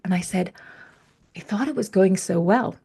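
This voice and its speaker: A woman's voice: mid-range voice, moderate pace, mellow, breathy edge. A woman guest in a casual podcast conversation, telling stories and acting out her inner voices with animation. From UK or Ireland.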